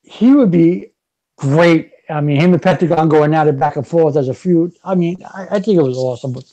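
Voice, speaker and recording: A man co-hosting a casual wrestling chat, excitable, often stammering and repeating words. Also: a little high, brisk, lo-fi sound. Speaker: podcast co-host.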